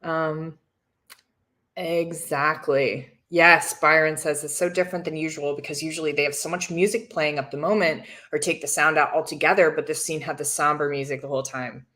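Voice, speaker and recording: A woman's voice: low-pitched, fairly even intonation, moderate pace, sharp tone. A woman hosting a casual livestream, chatting, laughing and reading viewer comments aloud. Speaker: livestream host reacting to a reality show.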